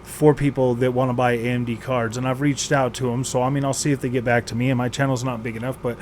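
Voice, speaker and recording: Exasperated, a gaming channel host rants through a frustrated vlog, letting out sighs and saying the same things repeatedly. His mid-range, slightly mellow voice shows little pitch movement, and he talks fast over a faint hiss or hum.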